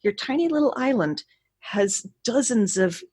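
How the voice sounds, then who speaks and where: Husky-voiced American woman, wry and chatty. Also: fairly high pitch, lively intonation, measured pace, a little mellow, no echo. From United States. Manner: chatty, wry, wanders off on tangents. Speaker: podcast guest, trivia writer. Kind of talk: casual podcast chat.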